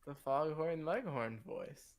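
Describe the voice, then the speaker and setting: A man's voice: fairly high pitch, lively intonation, slow pace. A man streaming a game, chatting casually in a playful, joking way. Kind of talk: casual chat while gaming.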